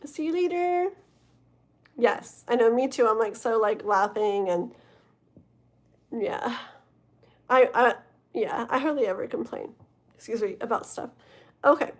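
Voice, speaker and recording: A young woman on a late-night tarot livestream, sounding tired as she rambles and giggles with her viewers. Her voice sits a little higher than most women's, and she drifts loosely from one thought to the next. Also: unhurried, long pauses. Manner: rambling, giggly, talks to chat. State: tired, yawning. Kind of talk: casual livestream chat.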